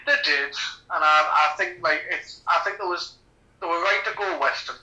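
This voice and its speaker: Bright-voiced, easygoing man. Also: fairly high pitch, moderate pace, poor audio. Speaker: podcast co-host. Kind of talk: casual film commentary chat.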